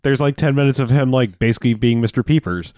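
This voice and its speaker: A man's voice: medium pitch, quick pace, darkish tone, no room sound, clean studio sound. A man co-hosting a casual podcast, rambling through a movie plot and acting out lines in goofy voices. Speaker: podcast co-host. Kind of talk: casual movie recap chat.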